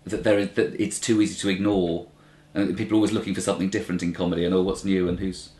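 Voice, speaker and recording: A man's voice: low-pitched, flat delivery, very fast, mellow. A man in his thirties, a comedian answering interview questions, rambling and breaking off to act out quoted voices. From Britain. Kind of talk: conversational interview. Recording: roomy interview recording.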